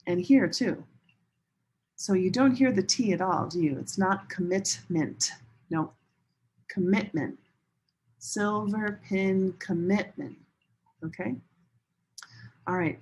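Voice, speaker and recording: A woman teaching English as a second language in a recorded online lesson, modeling pronunciation slowly and carefully and repeating words for learners. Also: medium pitch, slight background noise, poor audio. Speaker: ESL teacher.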